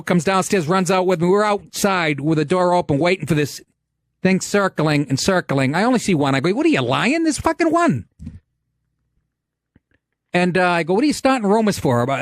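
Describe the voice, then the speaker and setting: Animated, foul-mouthed man telling stories. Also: sits high, no echo, clean studio sound. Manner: profane, animated, laughs through his story. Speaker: podcast host. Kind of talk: comic storytelling.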